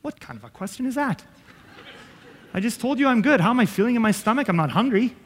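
High-voiced preacher in a reverberant hall. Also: male voice, big pitch swings, fast, a bit bright. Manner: earnest, conversational preaching with self-deprecating asides. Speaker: pastor. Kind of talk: sermon.

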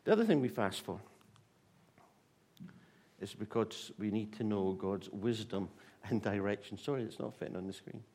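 A man preaching a sermon, telling a Bible story in a lively way with restarts and fillers. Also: fairly low pitch, normal speed, pauses often, husky.

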